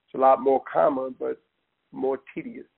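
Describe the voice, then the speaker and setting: A man's voice: mid-range voice, steady tone, moderate pace, gravelly. A man talking with passion, rambling and emphatic, often calling the listener "man". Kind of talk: impassioned casual talk. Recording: tinny phone-line audio.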